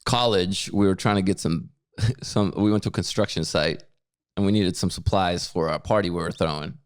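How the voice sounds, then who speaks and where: Podcast guy, lowish voice, acts out the quotes, dry close mic. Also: normal speed, clean tone, dry recording. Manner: animated storyteller, acts out quotes. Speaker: podcast co-host. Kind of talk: casual chat.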